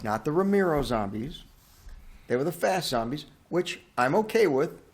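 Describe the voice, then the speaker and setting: A man co-hosting a casual movie review podcast, animated and ranting, swearing freely. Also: a little high, normal speed. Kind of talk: casual chat.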